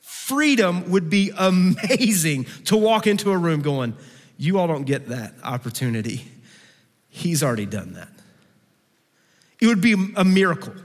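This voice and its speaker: Guy preaching to a campus crowd, kinda high voice, big echoey hall, goes from fired up to real soft and pleading. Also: big pitch swings, measured pace. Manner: swings from fervent raised delivery to hushed intimate pleading. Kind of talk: sermon. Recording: long hall reverb.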